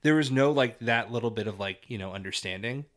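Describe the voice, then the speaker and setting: A man's voice: medium pitch, a little fast, fairly bright tone. A man with an ordinary mid-range voice co-hosts a film podcast in a loose, casual chat. He talks animatedly, laughs often and pads his sentences with fillers. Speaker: podcast co-host.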